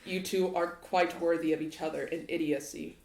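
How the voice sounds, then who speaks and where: A woman's voice: fairly low pitch, fairly even intonation, noisy background, lightly acted. Brief: smug magic-bottle spirit played by a woman, drawling insults, roomy echo. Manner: slow, condescending, drawling. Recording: echoey room.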